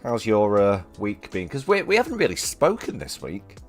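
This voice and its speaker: A man with a Mancunian accent hosting a casual live-stream chat, jokey and quick to laugh. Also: on the low side, huge pitch swings. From Manchester, England. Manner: jokey, chatty, laughs easily. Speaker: streamer host. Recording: faint music underneath.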